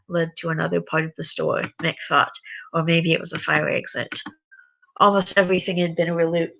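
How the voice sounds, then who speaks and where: A tired reader casually reading a story aloud, halting now and then with sighs and restarts. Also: medium pitch, creaky, fairly bright tone, muffled recording.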